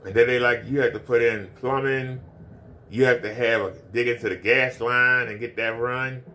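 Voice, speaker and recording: Guy ranting on his stream, mocking, keeps repeating himself, aave, mid-pitched voice. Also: fairly even intonation, normal speed, pushed and bright, slight background noise. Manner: repetitive, mocking. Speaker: commentary streamer. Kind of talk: ranting commentary.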